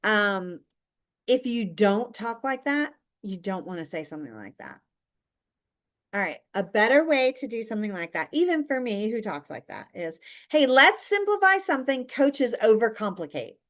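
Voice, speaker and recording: A woman's voice: mid-range voice, big pitch swings, normal speed. A woman coaching viewers directly in a chatty, emphatic way, teaching how to stand out online.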